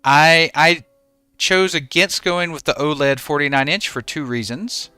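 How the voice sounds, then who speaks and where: A man's voice: a little high, a little slow, sharp tone, clean tone, no echo, soft background music. A man in his forties, a game streamer chatting casually with his viewers and answering them by name.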